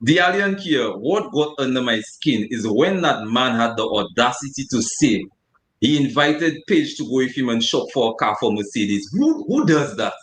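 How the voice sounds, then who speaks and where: Man, mid pitch, measured casual chat, echoey room, faint noise. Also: sing-song, a bit bright. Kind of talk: casual reality-TV recap chat. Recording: roomy echo with faint background noise.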